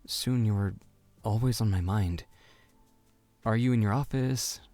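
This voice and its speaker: A man's voice: on the low side, measured pace, dark tone, no room sound, soft background music, lightly acted. Visual novel love interest: sarcastic young man, teasing as voiced by an actor, dry studio sound. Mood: tender.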